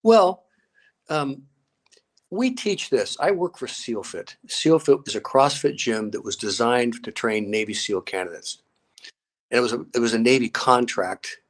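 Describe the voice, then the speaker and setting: Appearing as a guest in an interview, this grandfather and fitness coach recounts animated stories, voicing every person in the exchanges he describes. He speaks in a mid-range voice that is animated yet measured in pace.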